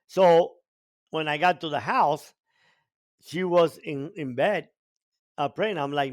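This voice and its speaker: A man's voice: a little high, slow pace, pauses often. An older man from Cuba, a podcast guest telling his life story with emphatic, repeated stresses. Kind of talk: storytelling in an interview.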